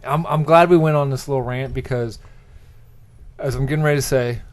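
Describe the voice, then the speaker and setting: A man's voice: mid-range voice, fairly even intonation, fairly quick. A man hosting a casual podcast chat, rambling and joking, often restarting his sentences. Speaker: podcast host.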